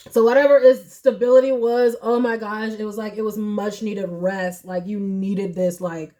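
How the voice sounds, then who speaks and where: A young woman giving a casual tarot reading to camera, emotional and chatty, turning tearful, her voice swinging from soft and low to high and loud. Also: steady tone, normal speed. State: tearful, crying at times. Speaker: tarot reader.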